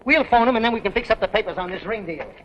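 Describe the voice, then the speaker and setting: An actor playing a brash, fast-talking used car dealer in a 1930s comedy film. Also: male voice, high voice, lively intonation. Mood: brisk. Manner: brash salesman patter. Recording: dull 1930s film soundtrack, faint hiss.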